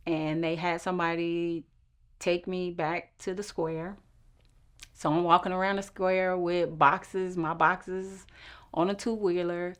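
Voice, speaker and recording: A woman telling a personal story, acting out the quoted voices of the people in it. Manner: acts out quoted voices with shifts in pitch.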